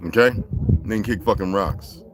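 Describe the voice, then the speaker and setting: A man's voice: lowish voice, moderate pace, a little hiss or hum. Profane, preachy male livestream ranter. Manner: greets viewers by name. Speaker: livestream host. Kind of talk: livestream rant.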